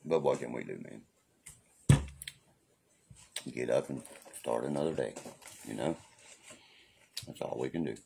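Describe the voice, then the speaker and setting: A man's voice: rumbling low, slow pace, vocal fry, long pauses, warm tone, a little hiss or hum. A man hosting a casual livestream rant, profane, defiant and preachy, who keeps asking "you know what I mean". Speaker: livestream host.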